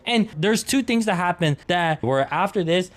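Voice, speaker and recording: A man's voice: high-pitched, expressive, normal speed. Young male storyteller, exasperated rant, casual commentary read. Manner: exasperated, ranting.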